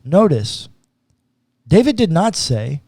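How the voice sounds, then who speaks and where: This podcast teaching on scripture comes from a male pastor whose slightly high voice swings widely in pitch at a slow pace, with a dark tone. He stays casual and earnest, now and then performing what God might say. Dry, studio-quality sound.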